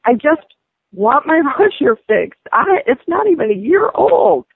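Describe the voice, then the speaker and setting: A woman's voice: sits high, very animated, a little slow, vocal fry, no echo. A woman angrily complaining on a phone call, indignant and swearing. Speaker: prank call target, angry customer. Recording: tinny phone line.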